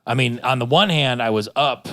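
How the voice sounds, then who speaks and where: A man's voice: medium pitch, a little fast, sharp tone, no room sound, clean studio sound. A man telling long, rambling stories with lots of swearing in a casual podcast chat. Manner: rambling storyteller, profane, restarts a lot.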